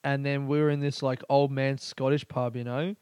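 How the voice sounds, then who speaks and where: A man's voice: medium pitch, flat delivery, normal speed, darkish tone, smooth, no room sound. A man hosting a casual solo podcast, rambling and swearing freely as he talks. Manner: rambling, profane and laughing. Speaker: podcast host.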